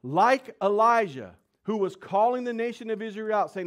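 Guy preaching a sermon, kinda high voice, slangy storytelling, asks the crowd questions. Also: animated, normal speed, hardly any pauses, fairly bright tone.

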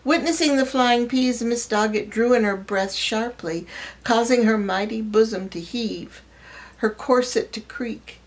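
A woman reading a short story aloud, in measured, expressive storytelling. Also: a little high, rough recording. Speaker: reader.

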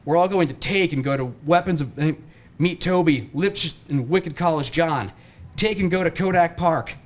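A man reading aloud, voicing a young man who yells commanding orders down the phone. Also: a little high, moderate pace, voice pushed up, lightly acted. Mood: yelling. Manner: shouting, commanding.

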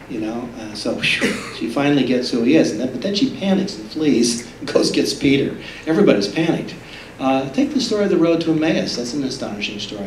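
A man gives an animated public lecture and acts out the voices in the stories he tells. His voice sits at an ordinary pitch. He is recorded from some distance in a roomy hall, with faint room noise behind him. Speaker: author giving a talk. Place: public library talk room.

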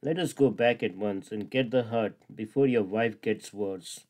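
A man voicing a friendly, quick-witted male monkey, in plain, earnest storybook dialogue. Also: lowish voice, a little mellow, close to an everyday voice. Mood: cunning.

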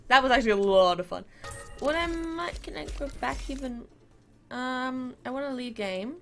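A woman's voice: high-pitched, expressive, normal speed, soft background music. A woman giving casual, chatty commentary while playing a video game, cheering on her team. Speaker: gaming video creator.

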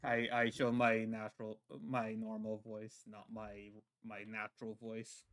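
Guy doing lore roleplay on stream, slow and halting, smooth clear voice. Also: lowish voice, completely flat delivery, fairly bright tone. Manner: halting, many fillers and restarts. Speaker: lore roleplayer playing a god figure. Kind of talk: casual roleplay chat.

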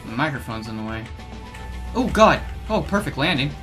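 Excitable young man swearing at a game. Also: medium pitch, moderate pace. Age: around 20. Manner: excitable, swears in loud outbursts of frustration. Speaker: gaming video host. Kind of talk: let's play commentary. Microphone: gaming headset. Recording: music playing underneath. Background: background music.

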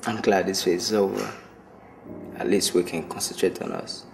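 A man playing a gentle boyfriend who talks softly and kindly. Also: low voice, steady tone, normal speed, creaky. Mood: tender. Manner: soft, gentle. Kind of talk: film drama acting. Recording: music playing under.

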